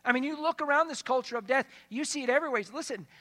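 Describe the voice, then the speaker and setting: Bright-voiced, conversational preacher. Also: sits high, racing. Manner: retells scripture as lively dialogue; conversational, asks the congregation questions. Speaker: pastor. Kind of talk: sermon.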